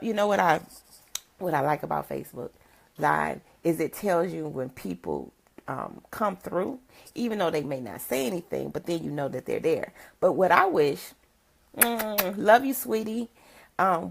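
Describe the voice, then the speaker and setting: Gravelly, husky older woman chatting. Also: lowish voice. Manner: chatty, greets viewers by name, laughs often. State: rough morning voice. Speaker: motivational speaker. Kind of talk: casual livestream chat.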